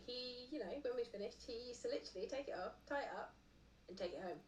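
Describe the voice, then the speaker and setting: A woman in a casual debate, talking quickly and insistently and pressing her point over the others. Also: fairly high pitch, slight background noise. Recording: roomy and distant with faint ambience.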